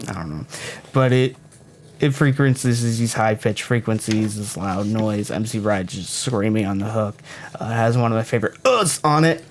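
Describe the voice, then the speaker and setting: A man's voice: on the low side, moderate pace, slight background noise. A young man co-hosting a casual music podcast, rambling, joking and correcting himself as he goes. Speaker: podcast co-host.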